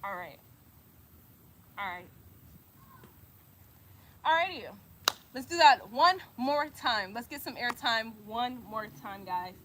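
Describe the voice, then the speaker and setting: Yoga teacher, woman, bright and fairly high voice, a bit winded, upbeat casual cueing, faint hiss behind. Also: expressive, takes it slowly, pauses often. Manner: encouraging, talks while doing the poses, casual slang. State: out of breath. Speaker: yoga instructor. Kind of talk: guided yoga class with breath cues.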